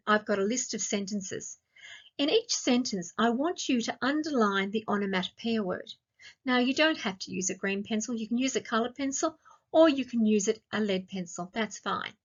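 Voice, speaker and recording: A woman teacher with an Australian accent, giving a recorded grammar lesson to young children and asking slow, clear, sing-song questions. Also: mid-range voice, highs cut off. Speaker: primary school teacher.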